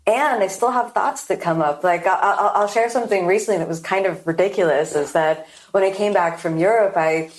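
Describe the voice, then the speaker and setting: A woman hosting a podcast interview, a yoga teacher telling a story with animated asides and acted-out inner thoughts. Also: medium pitch, a little fast, few pauses, reverberant. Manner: animated storytelling, acting out her own thoughts.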